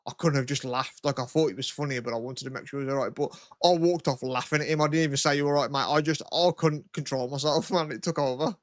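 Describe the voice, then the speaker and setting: A man's voice: medium pitch, steady tone, fast, few pauses, no echo, clean studio sound. A young English man, a podcast co-host, telling funny stories in casual chat, swearing and laughing. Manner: storytelling, swearing, breaks into laughter.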